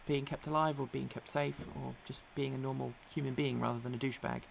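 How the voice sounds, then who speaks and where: A woman from England with a very deep, creaky voice talks fast and fairly evenly while hosting a casual live stream on electric vehicle news. Reading viewer comments, she rambles with many ums and laughs easily, her English accent occasionally veering American. The sound is a bit dull, with faint noise behind it.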